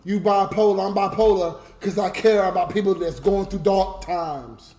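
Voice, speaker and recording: A drunk man livestreams to his chat, crying and ranting in a slurred, emotional way. He's a livestreamer and YouTube comedian whose voice is high and warm, at a normal speed.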